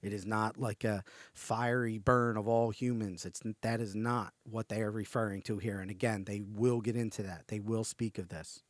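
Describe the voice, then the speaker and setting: A man hosting a podcast, reading out a channeled message slowly and stopping often to marvel at it. He gets excited, breaks off mid-sentence and starts over. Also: medium pitch, no room sound, studio quality. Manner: reads quoted passages slowly and deliberately. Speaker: podcast host.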